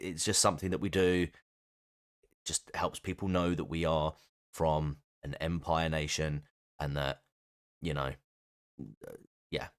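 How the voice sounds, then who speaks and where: A British man hosting a game playthrough, joking and mocking himself as he comments. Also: rumbling low. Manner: joking, self-mocking, animated. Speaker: let's play host. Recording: game music underneath.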